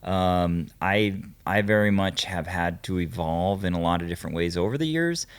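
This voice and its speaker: Deep-voiced candid male dentist guest. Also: moderate pace, clear, resonant tone. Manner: candid, relaxed storytelling. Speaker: dentist and business owner, interview guest. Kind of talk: casual interview chat.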